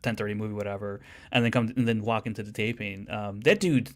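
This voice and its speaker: A man as a guest in a casual chat, easygoing and quick to agree. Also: lowish voice, steady tone. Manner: easygoing, agreeing, laughing along.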